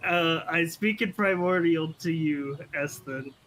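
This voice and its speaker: A woman's voice: low-pitched, unhurried, fairly bright tone. A woman playing a tabletop role-playing game, hesitant and stammering with nervous laughs. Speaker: player.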